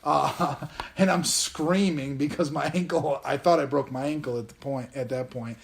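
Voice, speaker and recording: A man's voice: fairly high pitch, steady tone, moderate pace, gravelly. A man in his thirties hosting a casual podcast chat, telling a self-deprecating story. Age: 30s. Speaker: podcast host.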